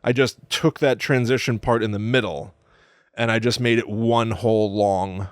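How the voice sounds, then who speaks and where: A man's voice: lowish voice, moderate pace, dry recording. Man chatting animatedly, close and dry. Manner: animated, chuckling, enthusiastic. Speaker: podcast co-host. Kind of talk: casual chat about films.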